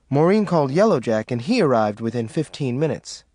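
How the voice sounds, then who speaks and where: Expressive male audiobook narrator. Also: mid-range voice, fairly quick, hardly any pauses, no echo, clean studio sound. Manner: expressive reading. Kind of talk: scripted narration.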